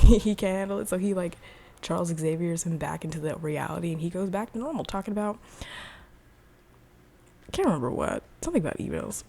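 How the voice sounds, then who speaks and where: A woman's voice: mid-range voice, warm tone. A young woman casually recapping a TV episode in a chatty, rambling way, full of "like.". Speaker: video reviewer.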